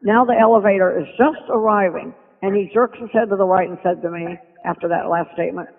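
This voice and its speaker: Older woman, gravelly voice, animated storyteller, tinny phone line, long echo. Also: medium pitch, brisk, hardly any pauses. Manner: animated storyteller who acts out quoted speech. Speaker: podcast guest. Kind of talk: reminiscing interview storytelling.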